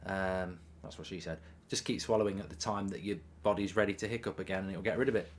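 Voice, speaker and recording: A man's voice: low voice, steady tone, fast, slight background noise. A man casually chatting on a live stream, reading out viewer messages with plenty of ums. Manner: chatty, reads chat messages aloud, frequent ums. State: hiccups. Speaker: watchalong streamer.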